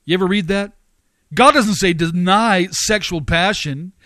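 A man with a high voice, preaching with emphatic force and piling up repeated phrases. He swings into sharp rising outbursts. The sound is dry and close, with no room around it. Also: a little slow, no echo. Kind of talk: sermon.

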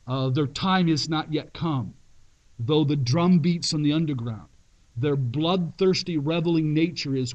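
A male pastor telling a dramatic story in a sermon, emphatic and with long pauses. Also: a little high, darkish tone, poor audio.

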